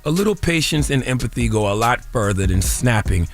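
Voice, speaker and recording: A man's voice: medium pitch, animated, brisk, faint music behind. Blunt preachy man hosting radio. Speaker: radio host. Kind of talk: opinionated radio commentary. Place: radio studio.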